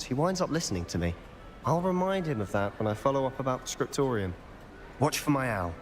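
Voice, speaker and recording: An actor playing a young male wizard student who speaks in a measured, confiding, quietly persuasive way. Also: on the low side, natural voice. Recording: game audio over a music bed.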